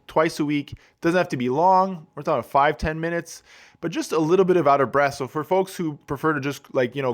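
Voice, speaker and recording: A middle-aged man hosting a wellbeing podcast, talking through fitness advice in a relaxed, rambling way with lots of "you know" and restarts. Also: on the high side. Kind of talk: casual advice monologue.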